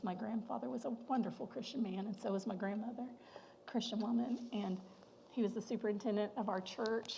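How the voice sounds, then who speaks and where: A woman speaking as a guest at a women's luncheon, sharing a personal testimony in a heartfelt, halting way that sometimes sinks to a near whisper. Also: medium pitch, creaky, mellow, a little hiss or hum, poor audio.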